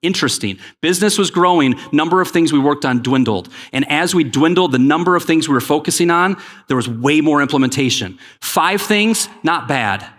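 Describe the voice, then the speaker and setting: A man delivering a keynote to a conference crowd, lively and joking as he urges people to make noise. His voice sits a bit high for a man, and long reverb from the big hall trails each phrase. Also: normal speed. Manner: energetic, joking, pushes the crowd to respond. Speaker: keynote speaker.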